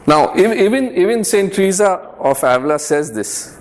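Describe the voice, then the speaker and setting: Man, youth group speaker, slightly raised pitch, earnest, chatty, keeps asking "yeah?". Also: lively intonation, normal speed. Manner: repeats words and checks in with "yeah?" and "right?"; conversational, earnest, lightly humorous. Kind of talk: informal faith talk to a youth group.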